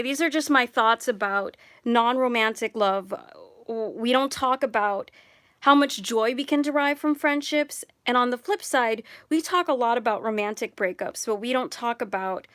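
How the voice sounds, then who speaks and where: A young woman vlogger with a slightly high voice talks to her viewers in a chatty, rambling way. She goes off on side stories and fixes her wording as she talks. The sound is dry and close, with no room echo. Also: a bit bright. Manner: chatty, digressive, self-correcting. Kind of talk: personal vlog talk.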